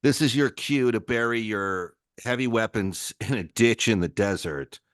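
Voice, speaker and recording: Man, casual host, lowish voice, short replies, dry humor, dry close sound. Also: measured pace, no room sound. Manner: brief agreeing replies, dry joking. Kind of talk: casual interview chat.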